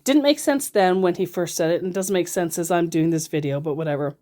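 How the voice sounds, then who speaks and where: A woman's voice: on the low side, fairly quick, dark tone. A woman vlogger giving casual commentary while reading chat messages, rambling and wry and interrupting herself. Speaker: scambaiter vlogger.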